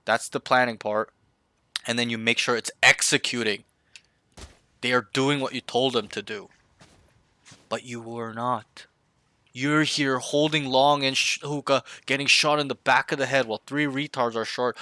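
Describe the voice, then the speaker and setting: A man's voice: medium pitch, steady tone, moderate pace, sharp tone, no room sound. A man coaching a student through a match review, blunt and profane, often acting out team callouts. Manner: blunt, swears freely, acts out callouts. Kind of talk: casual coaching session.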